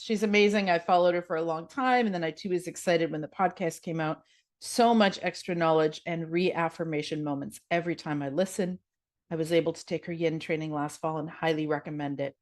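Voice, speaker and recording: Canadian woman, podcast host, slightly low pitch, casual and upbeat delivery. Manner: chatty, upbeat, laughs easily. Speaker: podcast host and yoga teacher. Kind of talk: casual solo podcast, reading listener comments aloud.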